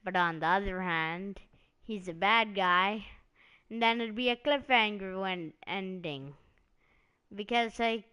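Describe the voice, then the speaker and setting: Slow, rambling woman streamer. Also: mid-range voice, fairly bright tone, clean tone. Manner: rambling, meandering, heavy on "like" and "um". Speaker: wrestling stream host. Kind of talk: casual live-stream commentary.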